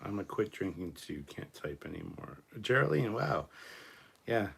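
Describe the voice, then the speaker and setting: A man's voice: low voice, sing-song, normal speed, vocal fry, a bit bright, breathy edge. A man hosting a casual livestream, reading trivia and bantering loosely with chat, swearing and a bit drunk. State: drinking, slightly drunk. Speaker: livestream host.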